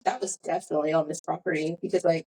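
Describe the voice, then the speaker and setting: A woman's voice: low-pitched, fairly even intonation, fast, darkish tone, rough recording. A young woman hosting a podcast, telling a long story in a rambling, self-correcting way. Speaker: podcast host. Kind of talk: casual storytelling chat.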